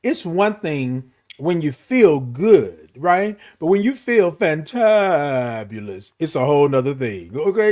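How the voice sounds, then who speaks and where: A man's voice: fairly high pitch, darkish tone. A middle-aged man hosting a casual morning live stream, greeting viewers, reading their comments and stretching out words playfully.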